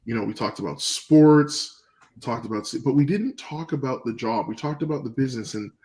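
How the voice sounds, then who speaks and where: A man from Canada, a podcast guest, telling stories in a relaxed, rambling way with fillers, acting out old phone calls. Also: medium pitch, moderate pace, rough recording. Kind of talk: casual storytelling interview.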